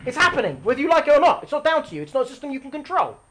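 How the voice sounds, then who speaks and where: Woman lecturer, religious class, high and highly expressive, questions the room, repeats for emphasis. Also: very fast. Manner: animated, asks the audience questions and repeats lines for emphasis; explains using a picture or diagram. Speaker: religious teacher.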